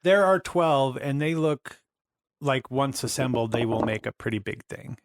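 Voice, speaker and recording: A man's voice: medium pitch, animated, unhurried, no echo. A man running a tabletop game as game master, narrating scenes and laughing often.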